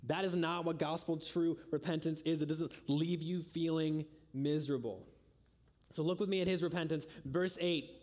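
A man preaching a sermon with earnest emphasis, climbing high on key lines and sinking soft and low at their ends. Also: steady tone, normal speed. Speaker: pastor.

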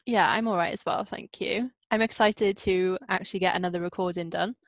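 A woman's voice: lowish voice, steady tone, brisk, no echo. A young woman hosting a casual podcast chat over a video call, chatty and teasing, speaking into a headset. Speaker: podcast host.

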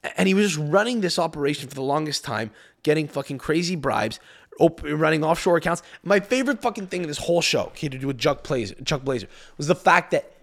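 A man's voice: fairly high pitch, animated, fast, gravelly. A man hosting a podcast, ranting casually in a profane, rambling way with frequent stammered restarts. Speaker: podcast host. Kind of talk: casual rant.

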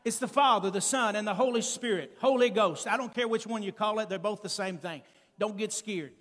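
A male preacher delivering an emphatic sermon, calling out to the congregation and building up to shouted peaks. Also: sits high, brisk. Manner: calls to the congregation. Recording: long church-hall reverb.

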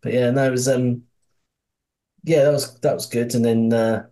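A man's voice: medium pitch, steady tone, normal speed, dark tone. A man co-hosting a podcast, rambling casually about a TV series, with frequent restarts and swearing. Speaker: podcast co-host.

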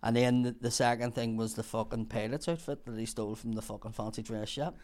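A man's voice: medium pitch, fairly even intonation, brisk, darkish tone. A man, a podcast guest telling stories, swearing freely and acting out the people in them. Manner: swears freely, acts out other people's voices. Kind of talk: casual storytelling.

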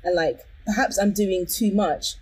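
A woman talking in a casual chat, animated and quick, tossing in slang. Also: mid-range voice, slightly rough. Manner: animated, quick, exclamatory, says "bro".

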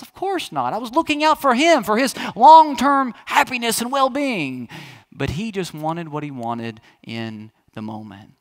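A man's voice: high voice, expressive, moderate pace, a bit bright. A man in his thirties, a pastor preaching a sermon in a chatty, storytelling way that speaks straight to the congregation.

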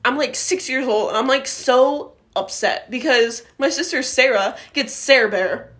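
A young woman co-hosting a podcast chats casually, her voice sitting high and her pace a little slow. She's a giggly, animated storyteller, laughing a lot as she shares stories.

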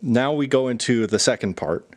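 A man's voice: medium pitch, expressive, normal speed. A man co-hosting a podcast, casually breaking down a song's chords and parts with many fillers. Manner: analytical, many fillers, talks music theory. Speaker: podcast co-host. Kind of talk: casual music discussion.

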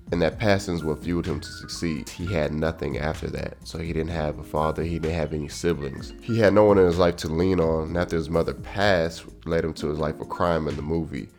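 A man's voice: a bass voice, darkish tone. A man hosting his podcast in a loose, profane, joking monologue, his voice nasal and congested from a cold. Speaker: podcast host. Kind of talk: casual monologue.

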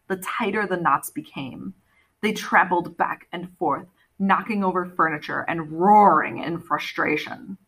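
Woman, audiobook narrator, first-person, animated, bright voice, breathy edge. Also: lowish voice. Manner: lively, animated storytelling.

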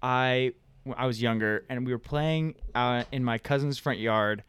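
A man's voice: mid-range voice, normal speed, a bit bright, smooth. A young man from California in a casual chat, laid-back and filling his talk with "like". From Central or Southern California. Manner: laid-back, says "like" often. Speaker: conversation participant.

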